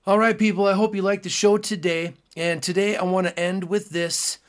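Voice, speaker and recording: A man's voice: sits high, fairly even intonation, moderate pace. A man hosting his own podcast, talking in a casual, earnest, musing way with frequent fillers. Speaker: podcast host. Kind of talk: casual solo podcast talk.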